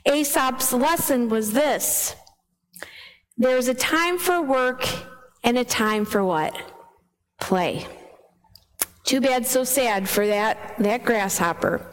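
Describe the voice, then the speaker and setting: A woman's voice: a little high, takes it slowly, pauses often. A woman reading the gospel and preaching a sermon, telling a fable and putting questions to the congregation. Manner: storytelling, asks the congregation questions. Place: church. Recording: long reverb in a church hall.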